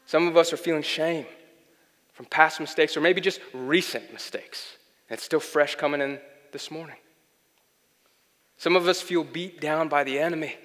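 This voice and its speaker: A man's voice: on the high side, normal speed. Earnest young man preaching in a reverberant hall. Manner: earnest, swings from loud pleading to soft and intimate. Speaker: pastor. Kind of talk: sermon. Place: church hall. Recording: long hall reverb, faint music.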